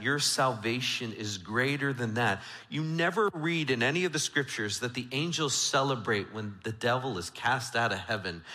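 Guy preaching a sermon, bright ringy voice, big church echo, goes loud then real quiet. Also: mid-range voice. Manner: swings from loud emphatic to hushed intimate. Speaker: pastor. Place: church sanctuary. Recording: church sanctuary with long reverb.

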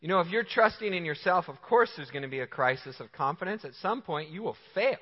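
A male pastor preaches with emphatic, lively energy, talking to the room in a conversational way. His voice sits a little high for a man. The sound carries a long reverb and is somewhat muffled. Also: brisk, breathy edge. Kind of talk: sermon. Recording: reverberant hall, slightly dull sound.

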